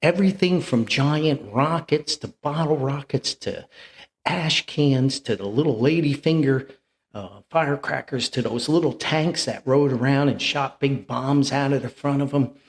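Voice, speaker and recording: A man's voice: medium pitch, unhurried. An older man, telling a rambling, chuckling family anecdote as a podcast host. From New Jersey. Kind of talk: anecdotal storytelling.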